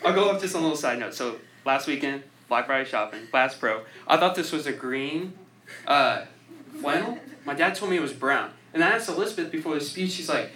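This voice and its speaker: A man's voice: fairly high pitch, expressive, a little fast, sharp tone, a little hiss or hum, low-quality recording. A young man giving an informal speech to a group. He rambles, fills his sentences with "like," and laughs at his own jokes. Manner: rambling, self-deprecating, laughs often; heavy use of "like" filler.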